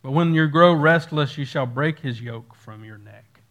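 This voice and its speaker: A man's voice: a little high, moderate pace, a bit bright, lo-fi sound, close to an everyday voice. A preacher voicing a trembling old father. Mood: solemn.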